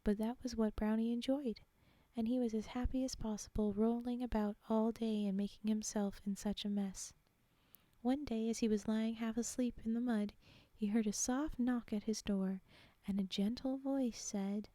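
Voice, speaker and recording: Young woman storyteller, soft and half-whispered, dry close sound. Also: fairly high pitch, fairly even intonation, moderate pace, no room sound. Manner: soft, often half-whispered, chatty asides. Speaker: streamer reading fairytales. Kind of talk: live-stream story reading.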